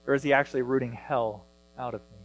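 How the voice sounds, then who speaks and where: A man in his thirties preaching a sermon as pastor, earnest, rising loud when he reads scripture. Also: mid-range voice, fairly even intonation, quick pace, no echo, rough recording.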